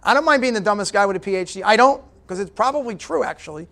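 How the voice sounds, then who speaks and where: Guest speaker at a business breakfast, this middle-aged man talks fast in a high, expressive voice with a sharp edge. His motivational speech is direct and punchy, and he keeps turning to the crowd with a repeated "okay?"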